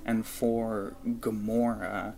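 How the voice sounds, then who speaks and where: A man's voice: on the low side, flat delivery, extremely slow, vocal fry. A man hosting a podcast, asking rambling, hedging interview questions on a film set. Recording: noisy on-set recording.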